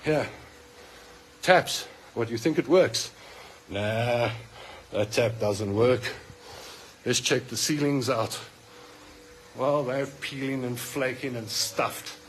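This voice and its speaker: A man's voice: medium pitch, slow pace, long pauses, slight background noise. Angry south african man, middle-aged, accusing rant, phone video, hospital ward with long echo. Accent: South African English. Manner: indignant, accusing, fired up. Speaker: hospital patient filming. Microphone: phone held by the speaker.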